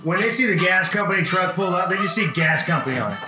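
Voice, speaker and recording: A man with a high voice co-hosting a casual chat, chiming in eagerly. He sounds roomy and echoey, and music plays underneath. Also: quick pace. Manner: chiming in, animated impressions.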